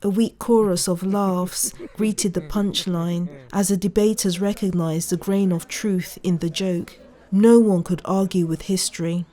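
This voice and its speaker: A woman narrating a short story in an even, measured manner. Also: on the low side. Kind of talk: reading a short story aloud.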